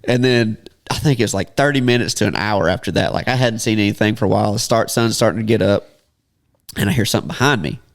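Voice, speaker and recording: A man's voice: fairly low pitch, quick pace. A man hosting a podcast, telling a casual story and laughing often as he talks. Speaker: podcast host.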